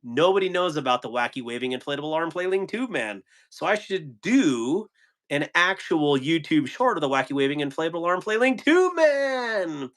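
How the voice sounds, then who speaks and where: A man putting on the voice of a loud, frantic male car-lot pitchman from a TV ad. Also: sing-song, moderate pace. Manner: shouted, high and over the top.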